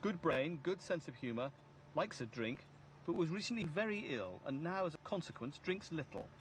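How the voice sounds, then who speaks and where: A man narrating a documentary, reading out a report in a measured, listing manner. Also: fairly high pitch, sing-song, a little hiss or hum.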